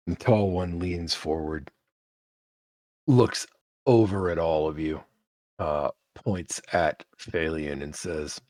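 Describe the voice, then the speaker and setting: A man's voice: rumbling low, slow, long pauses, dry recording. A man narrating a tabletop game as game master, describing scenes and shop merchants. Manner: animated, voices merchants in character.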